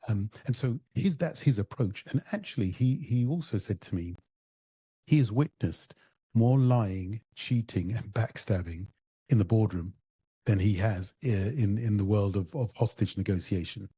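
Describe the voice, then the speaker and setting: Low, husky male podcast host. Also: moderate pace, warm tone, no room sound. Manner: thoughtful, recounting and posing questions. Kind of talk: conversational podcast interview.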